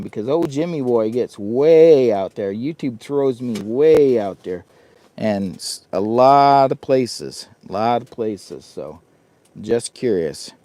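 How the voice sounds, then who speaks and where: A man's voice: mid-range voice, vocal fry, darkish tone, no room sound. A man chatting on a live stream from a heated winter tent, rambling and laughing often at himself. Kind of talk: casual live-stream chat.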